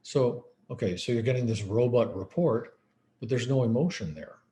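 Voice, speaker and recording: A man's voice: mid-range voice, normal speed, warm tone. A man speaking as a psychiatrist in a conference lecture, telling case stories in a conversational way. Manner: conversational, storytelling, acts out quoted dialogue.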